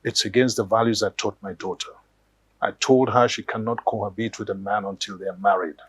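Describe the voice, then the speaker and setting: A man's voice: lowish voice, fairly even intonation, fairly quick, slightly rough, no echo. A man playing a firm, exasperated father in a Nollywood film. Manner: exasperated, lecturing. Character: weary, firm middle-aged father. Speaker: actor.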